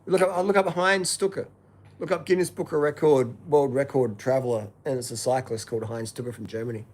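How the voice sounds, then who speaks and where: A man's voice: mid-range voice, steady tone, a little fast. A man in a casual chat who talks in a laid-back, blunt way, dropping "man" and "like" often.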